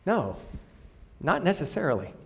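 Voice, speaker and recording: Lively high-voiced man preaching. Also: normal speed, vocal fry, in a large hall. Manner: lively, conversational, joking with the congregation. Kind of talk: sermon. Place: church sanctuary.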